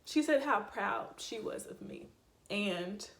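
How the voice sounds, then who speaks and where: A woman's voice: medium pitch, expressive, slow pace, creaky, fairly bright tone. A young woman telling a heartfelt, rambling personal story in a casual vlog, with many fillers and restarts. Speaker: vlogger, voice teacher. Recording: echoey room.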